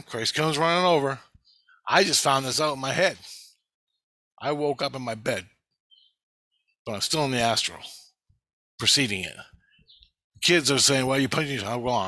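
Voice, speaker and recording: A man's voice: mid-range voice, normal speed, pauses often, sharp tone, dry recording. A middle-aged man talking in a rambling, profane, intense personal monologue as a vlogger.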